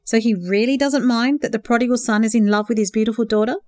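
Woman doing a gentle, tender young man. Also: on the high side, fast talker, no echo, pitched above the performer's own voice, lightly acted.

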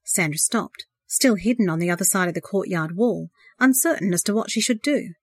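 A woman reads a novel aloud in a measured, expressive way, her voice sitting at an ordinary middle pitch. The sound is dry and close, with no room around it. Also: slightly rough, dry recording. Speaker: narrator. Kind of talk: audiobook narration.

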